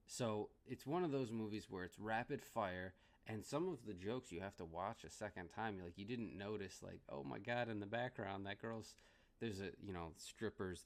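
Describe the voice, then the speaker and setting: A man with a fairly low voice talks through a movie review in a loose, casual way. He rambles, doubles back on his sentences and breaks into laughter often.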